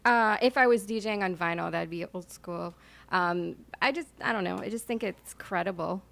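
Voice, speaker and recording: A woman guest on a talk show, a DJ and actress, talking casually with many pauses and fillers. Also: medium pitch, gravelly. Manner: relaxed, hesitant with many fillers.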